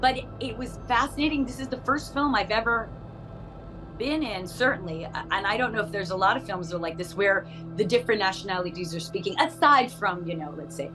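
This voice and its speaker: Animated actress telling stories. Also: female voice, mid-range voice, a little fast, faint music behind, rough recording. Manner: animated storyteller who laughs often and acts out voices. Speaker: actress and interview guest. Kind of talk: casual interview chat.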